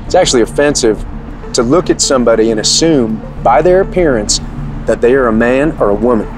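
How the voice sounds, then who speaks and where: A man's voice: medium pitch, expressive, a little fast, over music. A man playing a flustered, overly sensitive traffic police officer in a comedy sketch.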